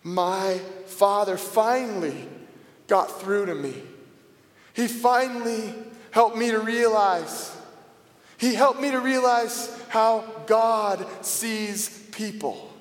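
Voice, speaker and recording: A man with a high-pitched voice delivers a dramatic first-person biblical monologue at an unhurried pace. His manner is theatrical, moving between sarcasm and quiet reflection. The sound is roomy, with a long reverb from a large hall.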